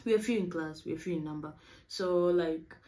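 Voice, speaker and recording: A young woman from Africa, a university student, chatting quickly and casually to camera, saying "y'all". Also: lowish voice, mellow, low-quality recording. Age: young adult.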